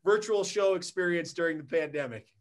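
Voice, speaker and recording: A man hosting a comedy show, introducing a guest in a halting way with many fillers. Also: fairly high pitch. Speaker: show host. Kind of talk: casual introduction.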